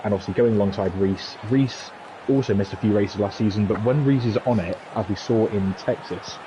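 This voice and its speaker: A man's voice: fairly low pitch, brisk. Guy hosting a racing league stream, chatty and jokey, kinda muffled mic. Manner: chatty, joking, rambling with fillers. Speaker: league host announcing team draw. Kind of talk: live stream chat commentary. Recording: dull lo-fi stream mic, faint noise.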